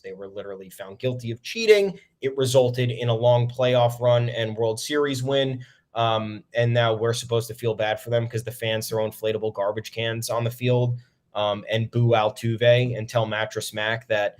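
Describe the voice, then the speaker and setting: A young man hosting a solo sports podcast, ranting bluntly with frequent swearing and many "um" fillers. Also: medium pitch. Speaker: podcast host.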